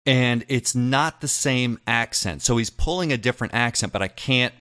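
A man's voice: medium pitch, moderate pace, no room sound, clean studio sound. A man co-hosting a podcast, casually chatting and eagerly asking questions. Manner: animated, probing questions. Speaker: podcast co-host. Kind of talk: casual chat.

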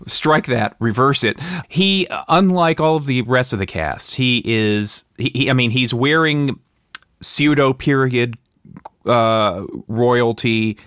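A man in a casual podcast discussion who talks haltingly with many restarts. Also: mid-range voice, a bit bright, smooth, no echo, clean studio sound. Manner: halting, restarts, laughs easily.

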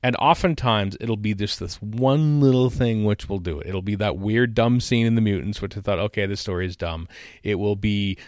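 A man's voice: on the low side, normal speed, dry recording, studio quality. A man co-hosting a podcast, chatting casually with a wry, laughing manner. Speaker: podcast co-host. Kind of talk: casual chat.

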